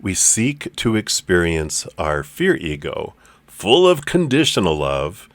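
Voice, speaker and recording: A man leading a guided meditation, speaking in a calm, gentle, unhurried way with loose fillers. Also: sits low, dry recording. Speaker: spiritual teacher.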